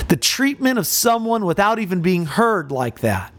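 Impassioned male preacher, lively pitch. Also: normal speed, few pauses. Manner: impassioned, rhetorical questions. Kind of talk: expository sermon.

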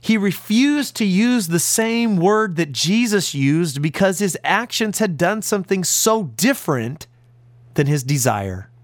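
An American man preaches with deep conviction, his voice climbing high and then dropping low and soft. His pitch sits a little above the usual for a man. The sound is close and dry, with no room echo. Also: expressive, measured pace. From United States. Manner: earnest, emphatic preaching with big pitch swings. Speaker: pastor. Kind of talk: radio sermon.

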